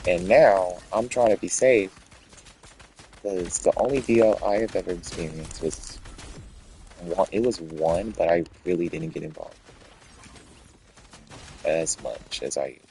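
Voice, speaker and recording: A man's voice: low voice, a little slow, gravelly, pauses often, warm tone, a little hiss or hum, poor audio. A man telling a rambling, profane story in a casual rant.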